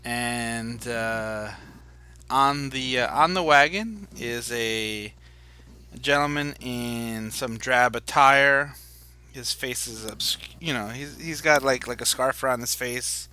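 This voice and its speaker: A man narrating a tabletop role-playing game as game master, halting and full of fillers. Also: medium pitch, sharp tone, smooth.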